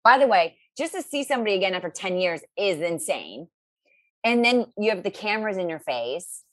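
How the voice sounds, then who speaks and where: A woman's voice: medium pitch, animated, fairly quick, dry recording. A woman host in a casual interview, speaking with gushing, fan-like enthusiasm. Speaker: podcast host.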